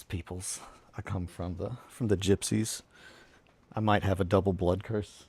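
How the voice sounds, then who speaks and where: A man's voice: deep voice, steady tone, measured pace, a little mellow, slightly rough. A man chatting casually while building models on a hobby stream, rambling, swearing freely and cutting himself off mid-sentence. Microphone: close desk mic.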